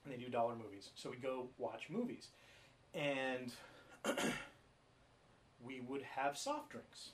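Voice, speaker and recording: A man's voice: medium pitch, slow, long pauses, a little hiss or hum. A man co-hosting a podcast, telling rambling stories in casual chat and swearing freely. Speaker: podcast co-host.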